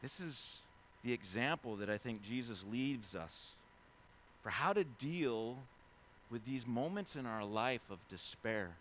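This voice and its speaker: A man in his forties, a pastor, preaching a sermon in a conversational way, swinging between loud excited stretches and hushed quiet ones, full of "you know" and "right?". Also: mid-range voice, measured pace, a little hiss or hum. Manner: heavy use of fillers like "you know" and "right?".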